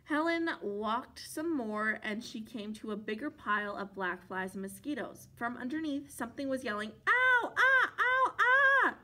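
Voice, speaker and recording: High-voiced, bright woman reading aloud. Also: moderate pace, hardly any pauses. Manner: expressive, animated storytelling with playful sound effects. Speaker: library storyteller. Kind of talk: reading a picture book aloud.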